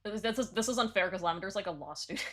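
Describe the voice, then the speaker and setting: A woman's voice: medium pitch, fast. Chatty woman streamer reviewing submissions. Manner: chatty and excitable, frequent "like" and restarts. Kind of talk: casual live-stream commentary, reading lyrics aloud.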